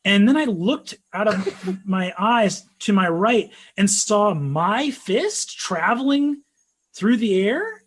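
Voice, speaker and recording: A man from the United States telling stories in casual chat, animated, acting out the people he quotes. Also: measured pace, husky. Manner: animated, acts out quotes with big pitch jumps. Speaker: storyteller in interviews. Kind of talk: casual anecdotal storytelling.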